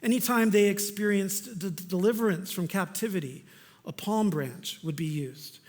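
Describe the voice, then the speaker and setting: A male pastor with a fairly high voice preaches in an earnest, conversational style and drops in casual asides. His words ring out with the long reverb of a church hall. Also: normal speed, darkish tone. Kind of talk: sermon.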